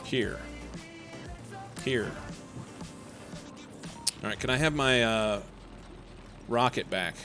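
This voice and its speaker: A man's voice: medium pitch, drawn-out words, pauses often, pushed and bright. Chatty male game streamer over music. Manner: rambling, chatty, reads chat aloud. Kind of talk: casual live-stream commentary.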